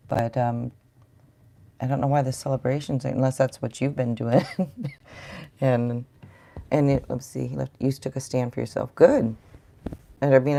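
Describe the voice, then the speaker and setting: A woman's voice: extremely low pitch, creaky, dark tone. A middle-aged woman giving a rambling, chatty live tarot reading and talking to viewers in the chat. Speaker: tarot reader.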